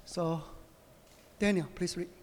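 A middle-aged man preaching a conversational sermon, animated and joking, often asking his listeners "right?". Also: high voice, slow, slight background noise. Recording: long reverb of a hall.

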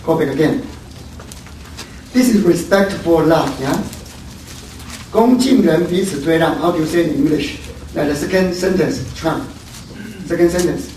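A man's voice: fairly high pitch, normal speed, pauses often, darkish tone. A man teaching a Bible study sermon, often tagging his sentences with "huh?" and "yeah?" and repeating words as he goes. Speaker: church teacher. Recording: very echoey room, distant mic, faint noise.

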